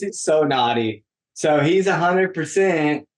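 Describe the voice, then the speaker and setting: A man's voice: on the high side, measured pace. A man on a podcast telling a long story in casual chat, acting out quoted lines and saying "like" a lot. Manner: animated storytelling, acts out quoted dialogue, frequent "like". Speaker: podcast guest. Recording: roomy echo.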